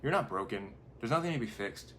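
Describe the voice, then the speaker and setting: This man's mid-range voice is animated, a bit bright and a little fast, with slight background noise behind it. He's a life coach on his own channel, delivering casual motivational talk to camera in a rambling, conversational way and acting out his thoughts in quotes.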